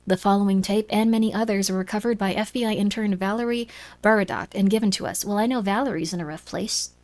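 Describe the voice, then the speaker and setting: A woman's voice: mid-range voice, fairly even intonation, fast, a little mellow. Playful chatty woman streamer. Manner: chatty, playful, reads on-screen text aloud. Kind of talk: live-streamed gameplay commentary.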